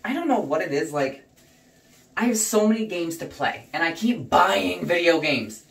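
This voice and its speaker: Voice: mid-range voice, normal speed, creaky, recorded from a distance. A young adult vlogger talking casually and swearing heavily, ranting heatedly at home while dyeing their hair. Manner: profane, heated and animated ranting. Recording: roomy echo, voice away from the mic.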